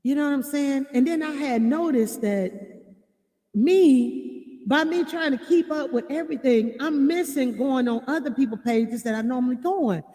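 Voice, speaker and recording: High-voiced woman chatting on a live stream, lots of "you know what i'm saying", some long echo on it. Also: normal speed. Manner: emotional, laughing, loud bursts of excitement. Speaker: channel host reading live chat. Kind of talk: casual live-stream chat.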